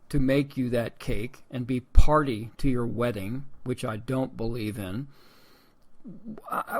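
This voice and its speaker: A man hosting a political commentary podcast, talking in a sarcastic, rambling way and calling his listeners folks. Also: mid-range voice. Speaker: podcast host.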